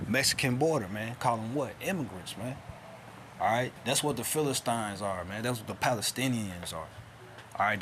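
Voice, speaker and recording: A man's voice: mid-range voice, a bit bright, slight background noise. A man teaching informally, reading documents aloud and stopping to ask rhetorical questions. He keeps checking in with "all right?", "man" and "see that?" in street-casual grammar. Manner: rhetorical questions answered himself. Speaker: self-styled teacher.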